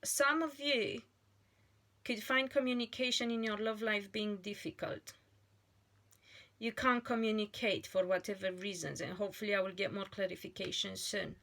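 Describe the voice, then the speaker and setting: A woman giving a tarot card reading in a slow, earnest monologue, pausing often and restarting her phrases. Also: mid-range voice, steady tone, gravelly, a bit bright. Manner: slow and deliberate, with frequent pauses and restarts. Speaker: tarot reader.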